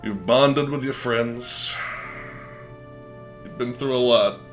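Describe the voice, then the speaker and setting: A man streaming a game live, chatting excitably and swearing when worked up. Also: mid-range voice, slow. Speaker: let's play streamer. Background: faint game music.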